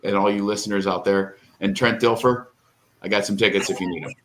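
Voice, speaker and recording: A man's voice: on the low side, fairly even intonation, a little fast, fairly bright tone, slight background noise. A middle-aged man co-hosting a podcast, telling a long, rambling, emotional story in casual chat and tearing up. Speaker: podcast co-host.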